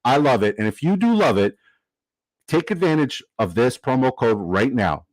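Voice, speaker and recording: A man hosting a live stream, upbeat and chatty, swearing casually and giving shout-outs. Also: mid-range voice, sing-song, normal speed, no echo, poor audio. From Canada. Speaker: livestream host. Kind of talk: casual livestream commentary.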